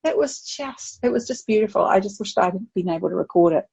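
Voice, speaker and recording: An older woman, a grandmother, speaking as a guest on a podcast and telling stories with lively acted-out voices. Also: medium pitch, fast talker, vocal fry, husky, no room sound, poor audio. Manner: animated storytelling, acts out voices. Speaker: guest expert. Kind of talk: podcast conversation.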